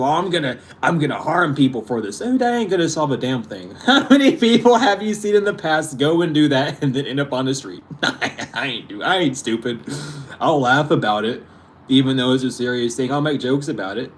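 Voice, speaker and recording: A man's voice: on the high side, slight background noise. A young man hosting his channel, ranting casually with exasperation, frequent swearing and laughter. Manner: exasperated, profane, laughing often. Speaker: spiritual channel host.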